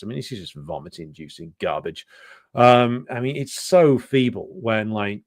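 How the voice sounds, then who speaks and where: A man's voice: mid-range voice, lively intonation, moderate pace, no echo, studio quality. A man hosting a political commentary show, talking in a loose, unscripted way with lots of fillers, scornful and profane asides.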